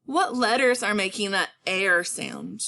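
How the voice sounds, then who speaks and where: A woman teacher giving a patient phonics lesson, stretching words out slowly for her students. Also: mid-range voice, animated, creaky, bright, forceful tone.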